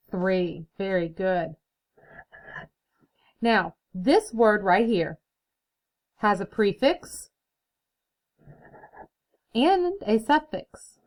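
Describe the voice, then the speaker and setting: A woman's voice: mid-range voice, poor audio. A young woman teacher giving a recorded phonics lesson to children, explaining patiently and clapping out syllables.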